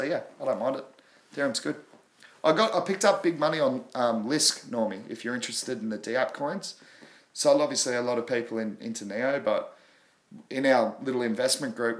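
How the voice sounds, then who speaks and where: Fast-talking Australian man, roomy sound. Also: on the low side. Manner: quick, rambling, apologetic about his pace. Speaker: crypto livestream host. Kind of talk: casual live chat.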